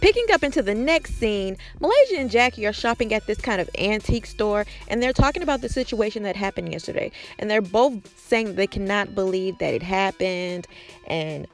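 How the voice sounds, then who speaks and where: A woman hosts a chatty recap of a TV episode, talking it through with sassy, gossipy asides. Her voice sits at an ordinary pitch for a woman. Faint music plays quietly behind her. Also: animated, normal speed. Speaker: recap podcast host.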